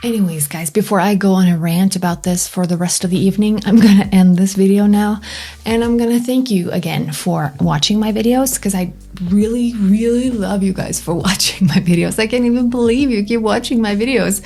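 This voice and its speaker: A young Norwegian woman with a Norwegian accent chats candidly to camera, sometimes dropping into soft whispers. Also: medium pitch, fairly quick, faint music behind. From Norway. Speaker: vlogger. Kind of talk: casual chat to camera.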